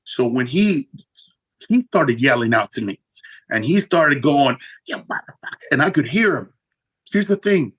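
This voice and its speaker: Male comic guest, raspy-edged voice, lively and profane storyteller. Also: measured pace, long pauses, rough recording. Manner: animated, profane, jumps high in pitch for punchlines. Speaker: guest comedian. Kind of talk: storytelling in a casual interview.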